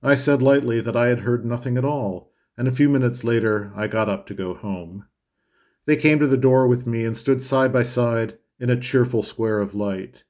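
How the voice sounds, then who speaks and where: A man reads a classic novel aloud in a measured, expressive narration. His voice sits in an ordinary middle pitch, steady and composed. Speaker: audiobook narrator. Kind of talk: scripted literary narration.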